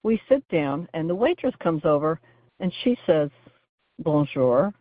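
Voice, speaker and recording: A woman's voice: on the low side, lively intonation, normal speed, no room sound. A woman calls in to a radio show and leaves a chatty, laughing voicemail. Her voice comes through a thin, tinny phone line with no room sound. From Oregon, US. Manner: chatty storyteller, laughing as she goes. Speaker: caller.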